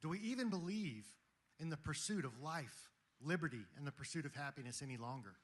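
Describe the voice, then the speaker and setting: A man's voice: on the high side, expressive, fairly quick. A man giving an impassioned, preaching speech to a live audience at a Christian gathering. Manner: preaching, rhetorical, emphatic.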